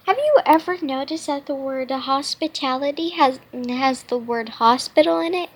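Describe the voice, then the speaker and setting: A woman reading a children's storybook aloud, halting often and restarting her words. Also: high-pitched, expressive. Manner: halting, with frequent restarts and stumbles. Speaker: children's book reader.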